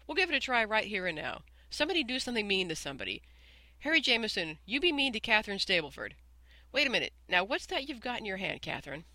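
A man reading aloud and voicing a small, earnest male mouse who teaches a class with brisk, cheerful authority. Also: high-pitched, big pitch swings, bright, forceful tone, dry recording, pitched above the performer's own voice, heavily acted.

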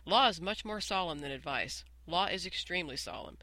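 Stuart Little, a man voicing a bright, earnest mouse. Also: sits high, lively intonation, dry recording. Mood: brisk. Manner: brisk, cheerful, grown-up authority. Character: small, polite, earnest mouse substitute teacher, male.

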